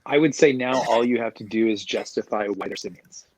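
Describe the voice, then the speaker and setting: A man with a low, husky voice jokes around in a relaxed group chat, spinning goofy ideas off the others. The sound is close and dry. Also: brisk, dry recording, poor audio. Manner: jokey, riffs on silly ideas. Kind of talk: casual roundtable chat.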